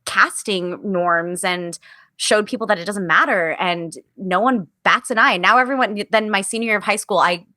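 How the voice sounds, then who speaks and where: A woman's voice: mid-range voice, moderate pace, dry recording. A young woman, a musical theater actress, telling stories in a casual interview and acting out the voices she quotes, with many "like" fillers. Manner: animated storyteller who acts out quoted voices, many "like" fillers.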